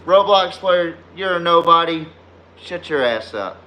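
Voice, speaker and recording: A man hosts a live sports podcast in a heated, profane rant. He trash-talks viewers in the chat, chuckling at his own insults. His voice is high and bright, rising and falling a lot while the overall pace stays unhurried. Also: lively intonation. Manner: laughs at his own jabs. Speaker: podcast host.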